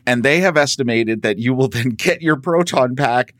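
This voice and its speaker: A man's voice: medium pitch, normal speed, fairly bright tone, no echo, clean studio sound. A man, a podcast co-host, explaining things step by step in a wry, casual way. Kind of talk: casual chat.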